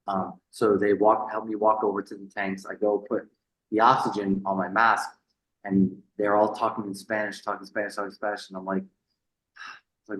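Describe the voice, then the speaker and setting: A man with a lowish voice tells a story as a podcast guest, animated and swearing freely. He repeats words as he goes and acts out the people he quotes. The room around him sounds echoey. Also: normal speed. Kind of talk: casual storytelling interview.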